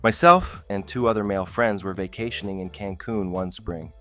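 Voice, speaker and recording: A man's voice: low-pitched, steady tone, normal speed, a bit bright, faint music behind. A man narrating funny stories in a scripted style, with a dry comic delivery that lifts on the punchlines. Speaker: storyteller.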